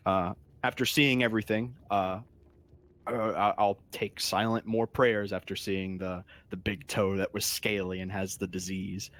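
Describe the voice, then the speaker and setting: A man's voice: lowish voice, little pitch movement, a little slow, a bit bright. A man playing in a tabletop game, talking casually and swearing now and then. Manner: casual, swearing, laughs often. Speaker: player.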